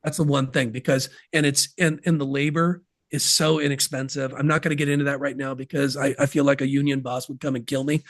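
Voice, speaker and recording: A man's voice: medium pitch, little pitch movement, brisk, hardly any pauses, dry recording, clean studio sound. A man guesting on a podcast interview, talking about business systems in an emphatic, folksy way with sports analogies.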